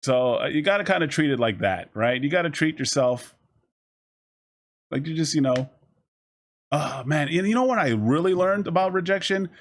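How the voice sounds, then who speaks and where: A man streaming live, giving casual, profane, rambling life advice to his chat and slipping into quick mock voices. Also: a little high, expressive.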